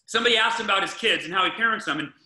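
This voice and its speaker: In an echoey room, a podcast host dishes out laid-back parenting advice, energetic and emphatic, often restarting sentences and saying things twice. He speaks with a high-sitting voice at a racing pace.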